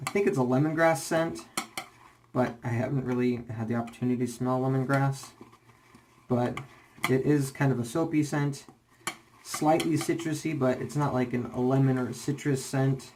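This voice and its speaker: A man's voice: medium pitch, fairly even intonation, moderate pace, darkish tone, slight background noise. A young man rambling casually in a shaving vlog, full of fillers and restarts, slightly out of breath. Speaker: shaving vlogger.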